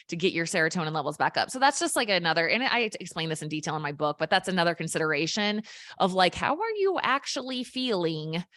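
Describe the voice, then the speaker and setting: A woman health coach explaining things simply in an energetic, casual chat, as a guest. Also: on the low side, no room sound, studio quality.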